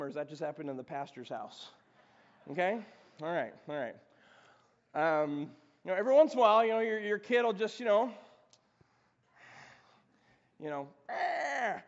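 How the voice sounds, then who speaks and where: High-voiced pastor in an echoing hall. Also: male voice. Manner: conversational, animated preaching with restarts. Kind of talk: sermon. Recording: dull lo-fi sound in reverberant hall.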